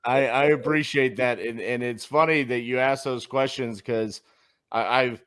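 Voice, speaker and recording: A man's voice: mid-range voice, steady tone, measured pace, a bit bright, clear, resonant tone. A man hosting a casual interview podcast, talking in an upbeat, enthusiastic way. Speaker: podcast host.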